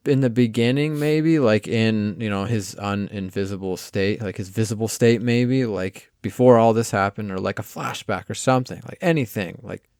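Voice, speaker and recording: A man co-hosting a casual film review podcast, rambling in a relaxed way and often trailing off quietly. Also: mid-range voice, smooth, dry recording, studio quality. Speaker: podcast co-host.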